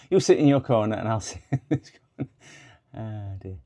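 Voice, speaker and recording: A man talks through a live stream from his repair workshop. His voice sits a little low, and his casual chat wanders, full of fillers and restarts. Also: warm tone, husky. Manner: rambling, chatty, many fillers.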